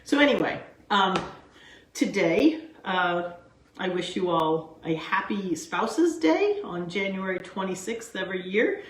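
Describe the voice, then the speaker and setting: A woman hosting her own cooking show, chatting excitedly and wandering off on tangents, recorded in a kitchen. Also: mid-range voice, measured pace, slight background noise. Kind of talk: casual cooking vlog chat. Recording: echoey kitchen room sound.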